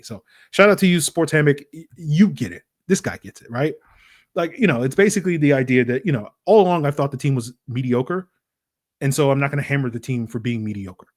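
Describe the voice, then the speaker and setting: A man hosting a solo sports podcast, talking in an animated, rambling way with lots of fillers and rhetorical "right?" questions. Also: mid-range voice. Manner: acts out voices in quoted asides. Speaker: podcast host.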